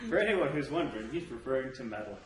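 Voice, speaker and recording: A man's voice: medium pitch, big pitch swings, fast. A man co-hosting a casual podcast, joking, teasing and swearing. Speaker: podcast co-host. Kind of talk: casual chat. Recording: echoey room with crowd noise.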